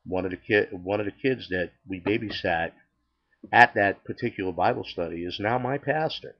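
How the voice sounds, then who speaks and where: The recording is muffled, and the voice is a man's, on the low side and at normal speed. He's older and tells his own faith testimony casually, chatting, performing the dialogue, and frequently starting over.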